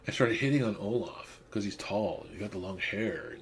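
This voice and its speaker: A man's voice: on the low side, animated, normal speed, a little hiss or hum. A man in his fifties, a podcast host, rambling through crude stories in casual monologue and laughing at himself.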